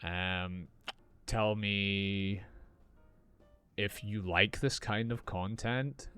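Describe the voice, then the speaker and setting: A man teaching English in an unscripted podcast, explaining slowly and clearly as he improvises. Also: on the low side, steady tone, bright, forceful tone, soft background music.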